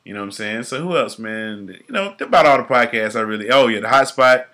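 A man's voice: mid-range voice, a little fast, sharp tone. A married man co-hosting a podcast, bantering loosely with plenty of laughter and profanity, his words often trailing off into mumbles. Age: adult, married. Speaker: podcast co-host. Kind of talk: casual podcast chat.

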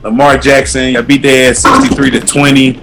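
A man's voice: medium pitch, level tone, brisk, music in the background. A man co-hosting a casual, profane podcast chat, laid-back and given to storytelling rants. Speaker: podcast co-host.

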